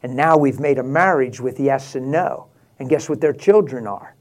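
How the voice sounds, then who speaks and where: A man preaching a sermon, rising to passionate, laughing exclamations and dropping to a hushed prayerful tone. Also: medium pitch, moderate pace. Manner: drops to a hushed prayerful tone near the end.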